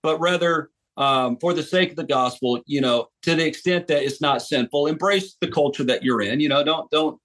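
A man's voice: fairly high pitch, normal speed, hardly any pauses, a bit bright. An American man, an author and street preacher, talking earnestly in a podcast interview and often restarting his sentences. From United States. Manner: earnest, emphatic, with frequent restarts.

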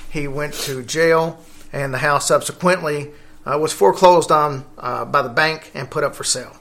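A man's voice: a little high, normal speed, vocal fry, fairly bright tone. A man hosting a casual podcast, rambling along with fillers and self-corrections. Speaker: podcast host.

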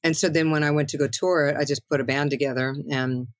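A woman's voice: deep voice, fairly even intonation, fast talker, no room sound. A middle-aged woman songwriter talking as a guest in a loose, rambling way, full of "you know" and "like". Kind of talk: casual interview chat.

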